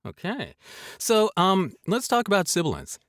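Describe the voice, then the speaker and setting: A voice-over coach hosting a casual voice tutorial jokes around and demonstrates sounds aloud while explaining. His voice is high and a bit bright, with huge pitch swings, at normal speed. The studio-quality recording has no room sound.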